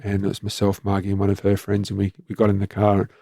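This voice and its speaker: Gravelly, flat-voiced Australian man. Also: on the low side, quick pace, dry recording, studio quality. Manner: plain-spoken, frank, rambling with fillers. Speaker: retired police commander and guest. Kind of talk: candid conversational storytelling.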